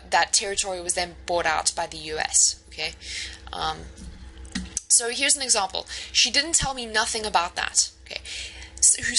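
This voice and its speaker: Woman prof talking thru slides, lots of ums and okays, bright tone. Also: mid-range voice, poor audio. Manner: explanatory, many fillers, frequent "okay". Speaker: university lecturer. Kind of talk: recorded lecture over slides.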